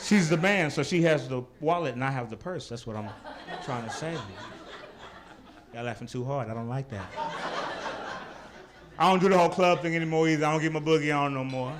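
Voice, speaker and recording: A young adult man performing a stand-up routine on a club stage, teasing the crowd in an animated way. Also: on the high side, fairly quick, pauses often. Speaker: stand-up comedian. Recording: live club recording with audience noise.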